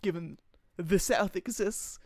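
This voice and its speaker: Young male streamer, high gravelly voice, dry close mic, joking card-game commentary. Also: takes it slowly, no echo. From United States. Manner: chatty, joking, laughs often, answers chat. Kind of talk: casual live-stream gameplay commentary.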